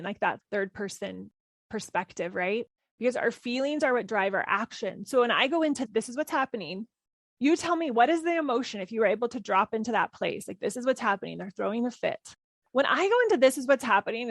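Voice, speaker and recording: A woman in her thirties hosting a parenting podcast, talking calmly and reflectively, gently repeating key phrases. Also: fairly high pitch, gravelly, dry recording. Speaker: parenting coach and podcast host. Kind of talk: reflective solo podcast talk.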